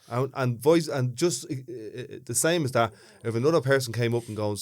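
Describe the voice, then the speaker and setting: A man's voice: mid-range voice, normal speed, darkish tone, no echo, clean studio sound. A man with a thick Dublin accent, co-hosting a podcast in easygoing chat, thoughtful and given to restarting his words. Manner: chatty, thoughtful, repeats words when starting. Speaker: podcast co-host. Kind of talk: casual chat.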